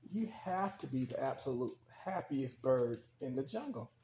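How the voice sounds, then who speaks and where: A man's voice: medium pitch, lively intonation, moderate pace, dark tone, echoey room, slight background noise, lightly acted. A man voicing an unhappy, self-pitying male raven in a spoken story, plaintive and searching.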